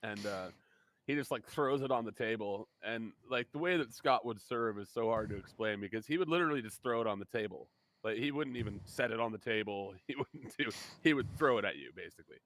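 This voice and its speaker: A man's voice: lowish voice, a little fast, fairly bright tone, a little hiss or hum. A man hosting a podcast, telling stories in a loose, laughing chat and swearing freely. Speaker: podcast host. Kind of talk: casual chat.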